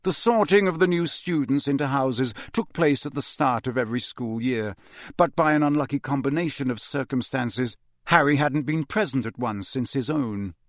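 A man's voice: mid-range voice, no room sound, studio quality. Man reading a storybook aloud. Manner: measured, even storytelling delivery. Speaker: audiobook narrator. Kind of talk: scripted storybook narration.

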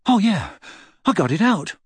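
A man's voice: high-pitched, sing-song, normal speed, slightly rough, dry recording, pitched above the performer's own voice, exaggerated voice. Ron: a man voicing a sheepish teenage boy. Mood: awkward.

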